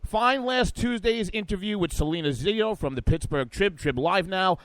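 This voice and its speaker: A man hosting a political talk radio show, brash and hyped, riffing fast between topics on a studio microphone. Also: sits high, lively intonation, no room sound.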